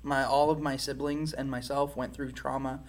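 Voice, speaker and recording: A man's voice: mid-range voice, little pitch movement, normal speed. A man speaking as an interview guest, giving a candid personal testimony in a reflective, frank way.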